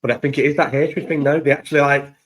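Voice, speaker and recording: A man's voice: fairly high pitch, flat delivery, fast talker, fairly bright tone. Man rambling casually in a home vlog. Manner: swears casually, many restarts and trailing thoughts. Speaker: vlogger. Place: at home, indoors. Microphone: own recording setup, maybe not through the microphone.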